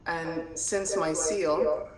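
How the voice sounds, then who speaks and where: A soft-spoken woman guest talks very slowly on a live online chat. She sounds far from the mic, in an echoing space, with a crowd murmuring clearly behind her. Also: low-pitched, fairly even intonation.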